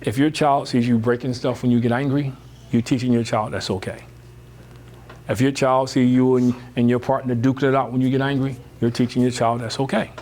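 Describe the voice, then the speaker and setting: Emphatic man giving a motivational talk. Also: fairly quick. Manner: lively, emphatic, rising high when animated; conversational, uses rhetorical questions and "you know". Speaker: speaker on parenting.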